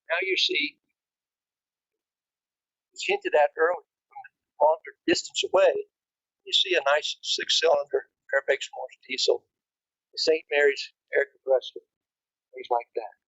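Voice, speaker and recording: A man giving an informal club presentation in a gravelly, breathy voice. His pitch swings widely, jumping high for emphasis. The sound is dry and muffled. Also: fairly bright tone, no room sound. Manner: conversational, repeats and restarts, rising emphasis. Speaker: club speaker.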